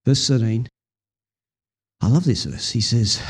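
A man preaching a sermon, telling a Bible story with lively acted-out scenes and talking with the congregation. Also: medium pitch, measured pace, pauses often, slightly rough. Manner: animated storytelling, acting out scenes.

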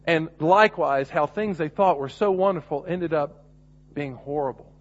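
A man's voice: fairly high pitch, normal speed. Man preaching on a muffled recording. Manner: earnest, rises to emphatic points, frequent restarts. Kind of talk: sermon.

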